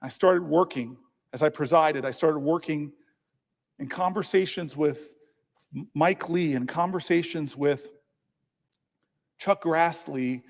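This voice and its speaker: Man, senator, high voice, storytelling floor speech, repeated words, emphatic, podium mic, long echo of a large chamber. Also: takes it slowly, gravelly, pauses often.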